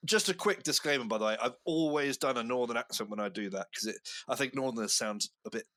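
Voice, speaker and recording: A man's voice: medium pitch, fast, a bit bright. A man in his twenties co-hosting a podcast in casual chat, telling self-mocking jokey stories. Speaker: podcast co-host.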